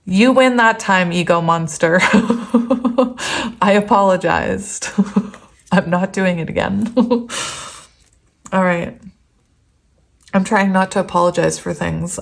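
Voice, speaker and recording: A woman talking straight to her viewers through a tarot reading. She rambles and chats freely and breaks into laughter often as she turns the cards. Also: mid-range voice. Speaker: tarot reader. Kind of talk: casual pick-a-card tarot reading.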